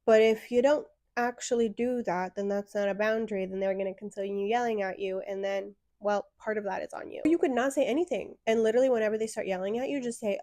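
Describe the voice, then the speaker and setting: A woman's voice: medium pitch, fairly even intonation, fast, hardly any pauses, mellow, no echo, clean studio sound. A young woman answering viewer questions about self-worth in a blunt, frank advice talk with sassy asides. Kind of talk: direct-to-camera advice talk.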